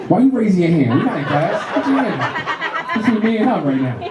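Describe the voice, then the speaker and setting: Middle-aged guy doing standup, lively swoopy voice, crowd work, laughing audience in an echoey club. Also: high-pitched, moderate pace, long pauses. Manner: animated storytelling, crowd work, profane. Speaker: stand-up comedian. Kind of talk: stand-up comedy set. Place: comedy club stage with live audience.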